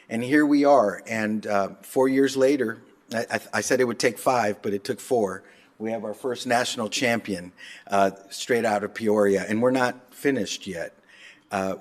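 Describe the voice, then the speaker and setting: A man, a speech and debate coach, giving animated storytelling remarks at a city council meeting. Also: fairly low pitch.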